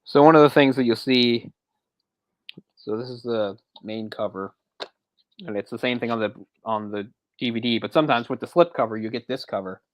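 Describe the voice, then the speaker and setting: A man in an easygoing podcast chat, talking through a film in long, rambling stretches that loop back on themselves and break into small laughs. His voice sits at an ordinary middle pitch. The room sound is close and dry. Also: normal speed, no echo. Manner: chatty, rambling retelling with frequent restarts and chuckles. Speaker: podcast co-host. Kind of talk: casual movie discussion chat.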